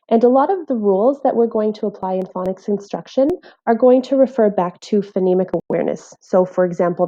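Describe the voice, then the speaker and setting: A woman teaching phonics in a scripted voice-over, speaking clearly and carefully while sounding out letters. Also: medium pitch, mellow, muffled recording. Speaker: literacy teacher.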